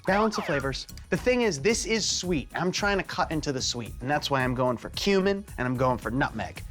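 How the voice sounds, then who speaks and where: A man hosting a cooking show, playful and theatrical, joking as he cooks and swinging between high exclaims and low asides. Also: expressive, a little fast. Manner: theatrical, jokey, big swings in pitch. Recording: light background music.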